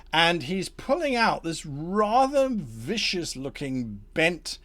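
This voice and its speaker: A man's voice: medium pitch, a bit bright. A man narrating as game master for a tabletop game, playful and chuckling as he tells the story.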